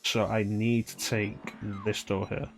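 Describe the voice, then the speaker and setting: A streamer with a lowish, creaky voice speaks slowly and in a level tone over soft background music. He comments casually on the game he's playing, rambling and humming or scatting to himself between remarks.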